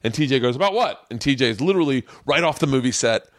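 A man's voice: mid-range voice, rapid-fire, no room sound, studio quality. A middle-aged man hosting a podcast, chatting casually and acting out the voices in his stories, cursing often. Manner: animated storytelling, swearing freely, acting out quotes. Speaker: podcast host. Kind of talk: casual chat.

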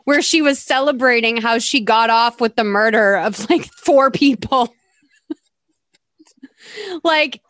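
A woman's voice: on the high side, takes it slowly, pauses often, a bit bright. A young adult woman hosting a podcast, recapping a movie in a chatty, sarcastic way. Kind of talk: casual movie recap chat.

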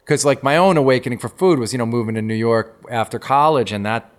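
A man's voice: mid-range voice, fast. A man in his fifties hosting a casual interview, eagerly asking follow-up questions. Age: 50s. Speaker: podcast host.

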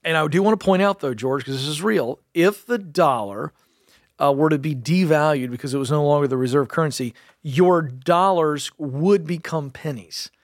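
A man co-hosting a money talk show, animated and wry, chatting casually with his co-host. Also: on the high side, moderate pace, no echo, studio quality. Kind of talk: casual chat.

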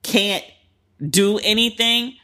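Bright-voiced woman dishing celebrity gossip. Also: medium pitch, slow. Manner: candid, profane, animated retelling of what others said. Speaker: podcast host. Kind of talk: casual celebrity gossip commentary.

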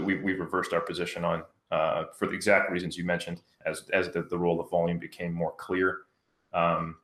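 A very low-voiced man talks in a measured way, with a dry sense of humor in a casual panel discussion. His voice sits in a noticeably roomy, echoing space. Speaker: panel guest.

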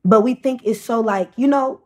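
Young woman telling a story with halting fillers. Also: on the high side. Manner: halting, many fillers and restarts. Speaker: podcast guest. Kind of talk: casual storytelling chat.

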